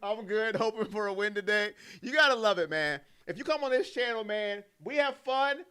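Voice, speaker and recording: A man hosting a live fan stream, calling the plays and reading out chat messages and donations in an animated way. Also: high-pitched, normal speed, clear, resonant tone. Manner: animated, loud, reacts to plays and reads donations. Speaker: fan livestream host doing play-by-play.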